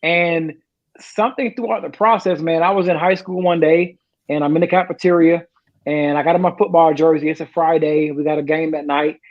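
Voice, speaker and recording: Man, 40s, high voice, profane animated storyteller, dull lo-fi audio. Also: fairly quick. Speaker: retired sergeant major, podcast guest. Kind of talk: casual storytelling.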